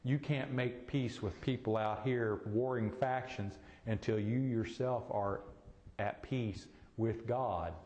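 A male preacher delivers an unhurried sermon, pressing the same short commands again and again. His voice carries a long, roomy church-hall reverb, heard from inside the sanctuary. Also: mid-range voice, darkish tone. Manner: repetitive, exhorting, commanding short phrases.

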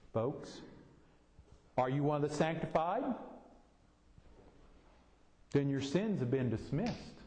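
A man's voice: on the high side, a little mellow. A middle-aged man preaching a sermon in a folksy, explaining way, using homely examples, recorded in a church hall. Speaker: pastor. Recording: echoey hall, voice from a distance.

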